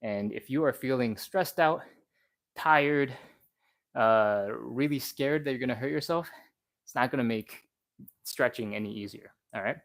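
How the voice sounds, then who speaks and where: Chatty, slightly breathless male stretch coach. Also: medium pitch. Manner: chatty and encouraging, talks fast and rambles. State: a little out of breath. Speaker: stretching instructor. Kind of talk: live-streamed workout coaching.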